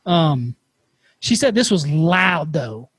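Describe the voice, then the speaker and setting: A man hosting a podcast, telling a campfire story in a casual, animated way and swearing freely. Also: fairly high pitch, takes it slowly, husky, dry recording. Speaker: podcast host.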